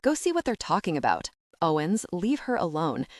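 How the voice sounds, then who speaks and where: A woman voicing a deadpan, unimpressed woman. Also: on the low side, normal speed, no echo, studio quality.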